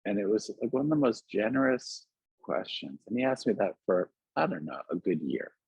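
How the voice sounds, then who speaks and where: A man with a very deep, husky voice speaks in a gentle, musing way, his thoughts wandering through many "like"s and "you know"s. He is heard over a video call, and the sound is dull, lo-fi and dry. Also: sing-song, moderate pace, no room sound. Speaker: guest author. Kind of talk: reflective conversation. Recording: dull lo-fi webinar audio.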